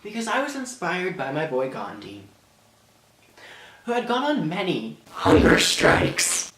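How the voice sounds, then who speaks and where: A man's voice: high voice, wildly swooping pitch, measured pace, fairly bright tone. A teenage boy telling a dramatic storytime in a rambling way, full of fillers. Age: teens. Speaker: vlogger. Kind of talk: storytime vlog. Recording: echoey room.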